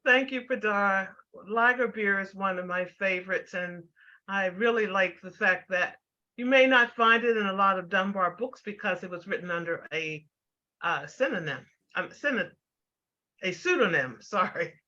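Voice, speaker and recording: A woman's voice: mid-range voice, moderate pace, bright, forceful tone, highs cut off. A woman presenting at a poetry remembrance event, giving history in an informative way. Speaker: storyteller and presenter. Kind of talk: presentation to an audience.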